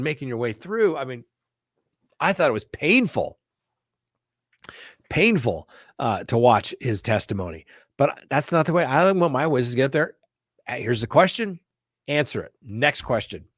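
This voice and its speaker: A man's voice: on the high side, fairly bright tone, no echo, clean studio sound. A middle-aged man hosting a live viewer Q&A, talking emphatically and often checking in with "okay?" and "right?". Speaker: host answering viewer questions. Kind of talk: live Q&A chat.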